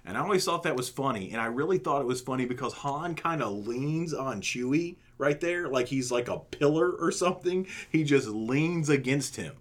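Male co-host, animated and lively, casual chat storyteller. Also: mid-range voice, normal speed, hardly any pauses. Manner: animated storytelling with many "you know"s. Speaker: podcast co-host.

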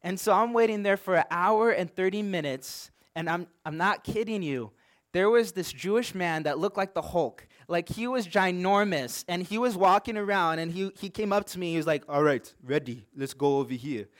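A young man, a pastor, telling a personal story in a sermon, earnest and animated, often saying "like". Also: high voice, moderate pace.

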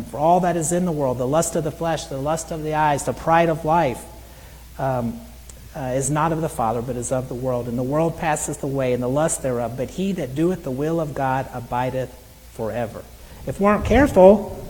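A middle-aged man preaching a sermon in an earnest way, reading scripture aloud slowly. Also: medium pitch, a little mellow, long reverb tail, a little hiss or hum, low-quality recording. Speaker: pastor.

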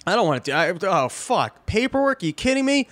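A man's voice: high voice, sing-song, a little fast, fairly bright tone, dry recording, pitched above the performer's own voice. A man doing a whiny, lazy desk cop.

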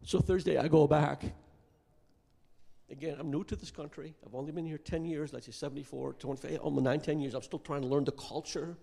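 A middle-aged man from Iraq preaching a sermon testimony, impassioned and building to shouts at its peaks. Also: on the high side, steady tone, fairly quick, vocal fry, husky. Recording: long hall reverb.

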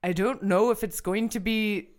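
A woman's voice: medium pitch, steady tone, normal speed. Woman podcast co-host, rambling absurd jokester, laughs as she talks, mock sports news.

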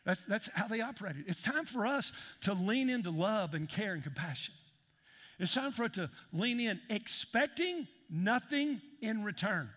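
A man's voice: high voice, very animated, normal speed, fairly bright tone, breathy edge. A man preaching a sermon as pastor, emphatic and calling out to his congregation. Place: large church hall. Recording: long hall reverb in a church.

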